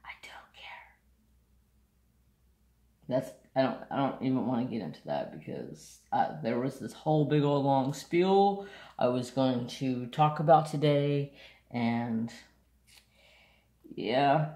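Gravelly man rambling in an echoey room. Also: mid-range voice, lively intonation, moderate pace, warm tone. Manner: rambling, storytelling, sidetracked, blunt. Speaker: craft vlogger. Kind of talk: casual rambling chat.

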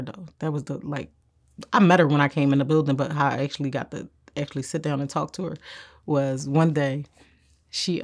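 A woman's voice: low-pitched, gravelly, a little mellow. A woman telling candid stories in an interview, blunt and slangy, laughing often. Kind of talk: candid storytelling.

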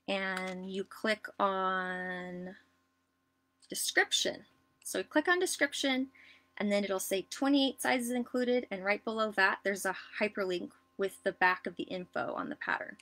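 A woman giving a casual live sewing tutorial, chatty and relaxed, with lots of ums and likes. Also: mid-range voice. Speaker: sewing instructor.

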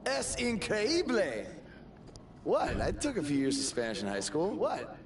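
A man voicing a friendly, easygoing young wrestler who talks in a relaxed way. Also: on the high side, a little fast. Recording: game audio with clear background noise.

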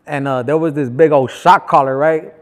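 A man with a somewhat high voice tells stories in loose, slangy talk and acts out other people's lines with animation. A long reverb trails behind each phrase. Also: fairly even intonation, normal speed. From Los Angeles. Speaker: guest. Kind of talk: casual storytelling.

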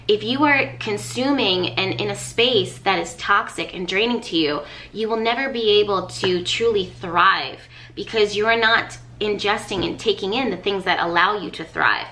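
A woman's voice: medium pitch, moderate pace, few pauses, pushed and bright, slight background noise. A woman, a professional astrologer, giving a casual spoken astrology reading to her viewers in an earnest, coaching way, repeating phrases for emphasis. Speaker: astrologer and tarot reader.

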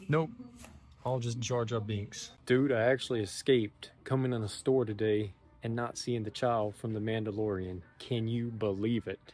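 A man narrating a casual toy-hunting vlog, chatty and sarcastic, with loud mock-excited stretches. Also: on the low side. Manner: loud, animated outro.

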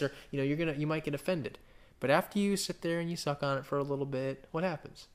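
A man preaching a sermon in a casual, rambling way, with asides and restarts, reading scripture aloud slowly and with emphasis. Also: a little high, steady tone, smooth. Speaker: pastor.

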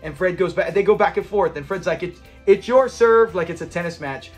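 A man's voice: high-pitched, fast talker, faint music behind. A man hosting a casual episode review, chatty and rambling, laughing as he retells scenes. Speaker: channel host reviewing a sitcom episode.

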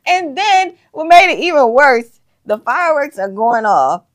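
A woman's voice: high voice, big pitch swings, a little slow, hardly any pauses. A young woman, chatting casually as co-host and telling stories animatedly, laughing often. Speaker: co-host, daughter. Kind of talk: casual chat.

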